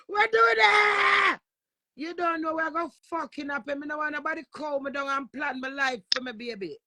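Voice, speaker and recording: A Jamaican woman hosts a live stream, talking in a forceful, swearing rant. Her voice is gravelly with a sharp, bright edge. The sound is close and dry. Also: high-pitched, dry recording. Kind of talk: casual live chat.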